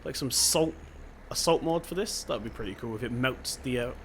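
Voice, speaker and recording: A man's voice: medium pitch, moderate pace, a little hiss or hum. A young man with a Devon accent, chatting casually and thinking aloud while he plays a farming game. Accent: Devon English. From England (Devon). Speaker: gaming channel host. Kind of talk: casual gameplay commentary.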